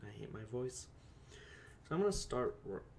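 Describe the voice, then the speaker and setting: A man's voice: medium pitch, sing-song, moderate pace, darkish tone, a little hiss or hum. A man hosting a let's play, giving rambling, self-deprecating commentary full of fillers. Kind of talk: casual game commentary.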